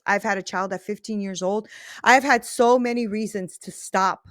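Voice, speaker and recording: A woman in her thirties hosts a faith-based podcast, talking casually and earnestly with emphasis and often tag-asking "right?" to check in. Her voice sits on the high side with a fairly bright tone at a moderate pace, captured in a dry, clean studio recording.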